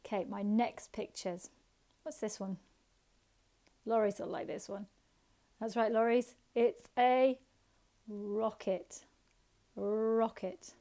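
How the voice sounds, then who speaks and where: A woman teaches phonics to small children, sounding out letters and coaxing answers. Her voice sits a little high and she speaks slowly and deliberately, with a playful, sing-song lilt. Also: fairly even intonation, dark tone. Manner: slow, sing-song and encouraging, with chanted sounds and songs. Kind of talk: phonics lesson for young children.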